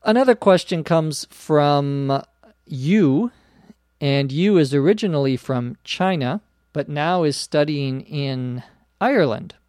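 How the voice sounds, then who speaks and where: A man hosting an English-learning podcast, explaining words slowly and spelling them out letter by letter with frequent "uh"s. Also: on the high side, lively intonation, a little mellow, dry recording, clean studio sound. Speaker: English teacher podcast host. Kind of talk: slow explanatory podcast lesson.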